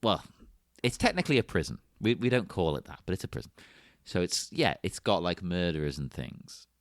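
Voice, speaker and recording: Animated low-voiced man. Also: a little fast, no room sound, clean studio sound. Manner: animated, laughs often. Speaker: podcast co-host. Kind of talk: casual chat.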